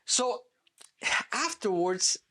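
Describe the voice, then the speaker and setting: A man's voice: high-pitched, extremely slow. A middle-aged man, a real estate agent, telling a personal story in an interview and acting out the dialogue. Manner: lively storyteller who acts out quoted dialogue.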